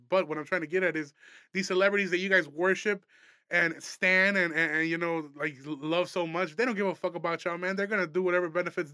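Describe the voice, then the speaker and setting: A man's voice: fairly high pitch, pushed and bright, dry recording, studio quality. A young man hosting a casual comedy podcast, rambling, profane and laughing often. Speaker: podcast host.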